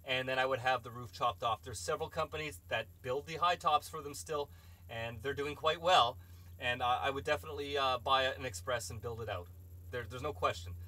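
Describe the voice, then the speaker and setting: A man's voice: medium pitch, fairly quick, sharp tone. A man hosting a live stream, reading chat questions and rambling through opinionated casual answers.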